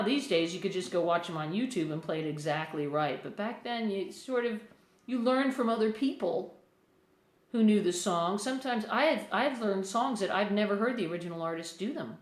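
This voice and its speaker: An American woman with an accent drifting toward English, a musician chatting casually and rambling to viewers on a phone livestream from a room in a house. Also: on the low side. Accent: American, partly English. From United States. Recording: echoey room.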